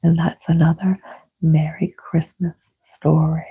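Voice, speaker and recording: A woman reads a bedtime story in a soft, soothing whisper, very slow and unhurried. Her low voice is breathy and gravelly. The recording sounds dull and lo-fi. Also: flat delivery.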